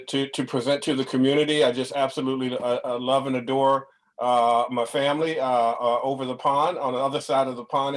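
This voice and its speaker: A man, a reverend and guest speaker, chatting effusively over a video call and often restarting his words. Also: medium pitch. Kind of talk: casual chat.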